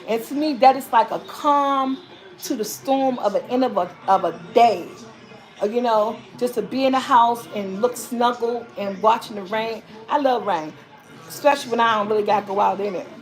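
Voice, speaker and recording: A woman's voice: a little high, moderate pace, soft background music. A woman hosting her own vlog, chatting loosely with viewers and reading their comments, rambling and repeating herself as she talks and calling them y'all. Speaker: vlogger host. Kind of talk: casual live-stream chat reading viewer comments.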